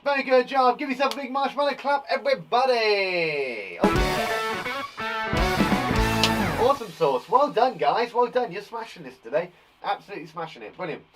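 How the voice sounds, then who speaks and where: A man's voice: high voice, animated, moderate pace, over loud music. A middle-aged man teaching times tables to young children in a playful, jokey, encouraging way. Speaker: primary school teacher. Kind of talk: live online lesson for young children. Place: garden shed. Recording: voice a bit far from the mic.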